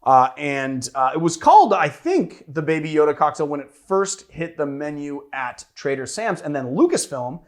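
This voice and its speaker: A man's voice: fairly high pitch, sing-song, normal speed, few pauses. A man hosting a cocktail show in casual chat, playfully teasing his co-host.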